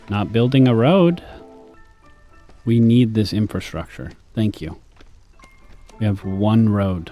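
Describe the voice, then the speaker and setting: A young man talks his way through a city-building game in a dry, deadpan ramble full of self-mocking asides. His voice sits a little low and sounds mellow and relaxed. Faint music plays behind him. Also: slow pace. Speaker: gaming streamer. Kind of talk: rambling gameplay commentary.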